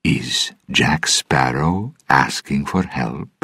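A man voicing a mysterious, amused female seer in a storybook reading, speaking slowly in a soft, whispery way. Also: rumbling low, big pitch swings, slightly rough, no room sound, clean studio sound, full character voice. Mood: knowing.

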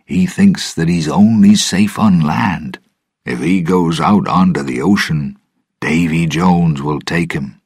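Man playing a serious old pirate, very deep voice, slow, grave, husky. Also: a little mellow, no room sound, studio quality, exaggerated voice. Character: older male pirate, fearful and serious.

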